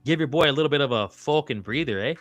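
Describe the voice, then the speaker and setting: A man's voice: mid-range voice, quick pace, faint music behind. A man hosting a live-stream sports talk show, casual, slangy and profane, calling viewers and guests brother and dog. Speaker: podcast host.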